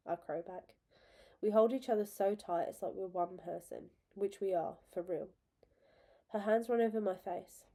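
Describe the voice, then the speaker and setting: A woman reading a story aloud with expressive, emotional narration. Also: mid-range voice, moderate pace. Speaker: reader.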